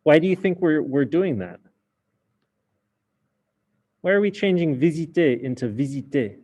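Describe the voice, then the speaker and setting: A man's voice: on the high side, animated, a little slow, a little mellow. A man teaching a French class in a casual explaining way, with many fillers. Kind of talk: recorded class lesson.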